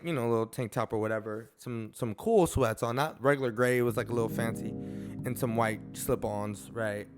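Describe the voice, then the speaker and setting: A man vlogger telling a story in a casual, animated way, with big swings in pitch and loudness.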